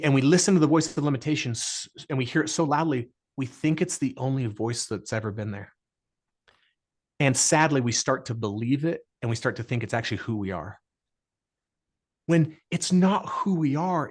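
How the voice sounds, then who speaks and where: A man's voice: medium pitch, normal speed. A middle-aged man speaking as a podcast guest in an earnest, emphatic way, repeating phrases for effect. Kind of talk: motivational interview talk.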